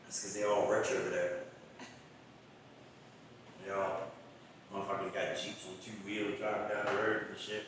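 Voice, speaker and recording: A man's voice: lowish voice, level tone, normal speed, long pauses, a bit bright, a little hiss or hum. A man co-hosting a podcast in casual chat, laid-back and full of slang and cursing. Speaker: podcast co-host. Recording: echoey room, far from mic.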